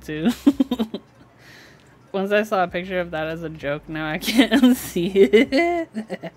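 Slow-talking giggly young woman streamer. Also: fairly low pitch. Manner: giggly, chatty, lots of "like". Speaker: streamer building a keyboard. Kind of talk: casual live-stream chat.

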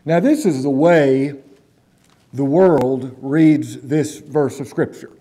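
In a church, a male pastor with a medium-pitched, dark voice preaches a sermon. He slows down to stress key words and puts questions to the congregation.

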